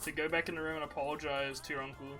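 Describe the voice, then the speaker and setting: A man hosting a podcast, telling animated made-up stories in casual chat, full of fillers. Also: fairly high pitch, very fast, faint music behind. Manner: animated storytelling, many fillers. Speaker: podcast host.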